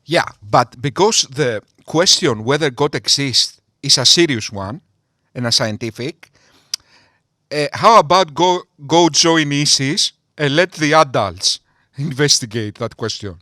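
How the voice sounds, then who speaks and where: A man doing sarcastic video commentary in a mocking, deliberate way. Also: fairly high pitch, animated, sharp tone, dry recording, studio quality.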